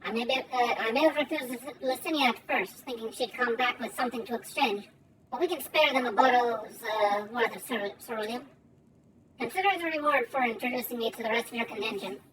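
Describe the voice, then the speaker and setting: A woman reading game dialogue aloud, putting on an odd accent to voice a gruff, wary male trader. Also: a little high, fairly quick, fairly bright tone, a little hiss or hum, lightly acted, rough recording. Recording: game music behind.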